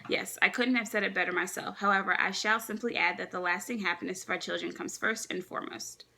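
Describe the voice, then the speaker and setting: A woman's voice: medium pitch, fairly even intonation, fast talker, vocal fry, sharp tone. A woman reading aloud as a proud, formal middle-aged king, stiff in manner.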